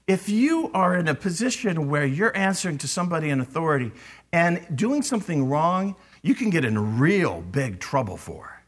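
Guy preaching a sermon, high lively voice, bit husky, punches the quotes. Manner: animated preaching with rising, emphatic quotes. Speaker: pastor.

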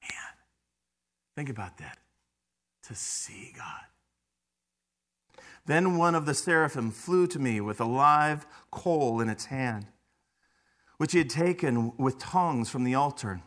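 A man preaching a sermon, shifting between hushed, quiet stretches and loud, emphatic bursts, often repeating words as he starts a phrase. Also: medium pitch, lively intonation, unhurried. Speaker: pastor.

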